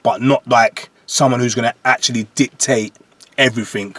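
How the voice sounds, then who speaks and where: With no room sound, this man's mid-range voice moves at a normal speed. In his forties and a guest on a podcast, the jungle MC spins lively stories, repeatedly making sure the listener follows by asking "do you understand."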